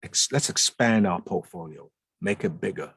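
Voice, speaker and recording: Deep, husky man talking emphatically. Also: normal speed, fairly bright tone, dry recording. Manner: emphatic, repeats words for stress. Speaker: guest speaker. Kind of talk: conversational talk. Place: lounge.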